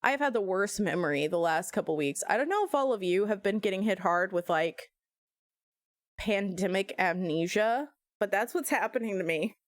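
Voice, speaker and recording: Lively, laughing woman streamer. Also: mid-range voice, normal speed, no room sound, studio quality. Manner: animated, laughs often, jokey tangents. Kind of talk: casual live-stream chat.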